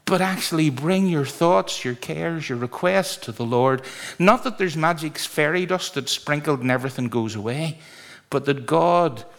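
A man's voice: a little high, normal speed, vocal fry. A man preaching and leading his congregation in a large church, speaking in an earnest, conversational way with sudden exclamations. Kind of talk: sermon with congregational singing. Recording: echoey church hall.

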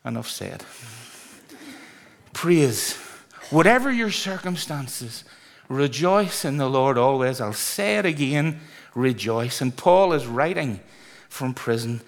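A man's voice: medium pitch, animated, slow pace, vocal fry, long pauses. A man preaching and leading his congregation in a large church, speaking in an earnest, conversational way with sudden exclamations. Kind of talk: sermon with congregational singing. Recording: echoey church hall.

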